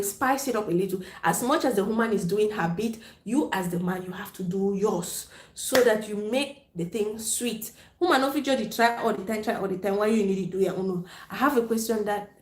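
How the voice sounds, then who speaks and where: Here a frank, laughing woman hosts a live chat stream, talking casually with her audience from an echoey room with slight background noise. Her voice sits mid-range, moving at a moderate pace with few pauses, and she blends Pidgin into her English playfully.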